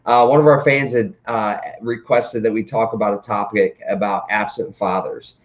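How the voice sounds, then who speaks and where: A man co-hosting a casual live morning show, talking in a halting, rambling way with lots of fillers and restarts. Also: fairly low pitch, fairly even intonation, muffled recording. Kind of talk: casual live-stream chat.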